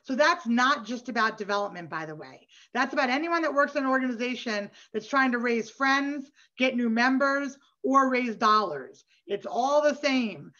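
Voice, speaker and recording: A woman with a fairly high voice leads a workshop over a video call, chatty and encouraging, checking in with her listeners as she goes. The sound is a bit dull and lo-fi, like a call recording. Her tone stays friendly and practical. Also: animated, normal speed, few pauses, sharp tone. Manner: conversational, encouraging, frequent "right?" and "you know". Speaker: workshop facilitator. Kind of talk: online workshop presentation.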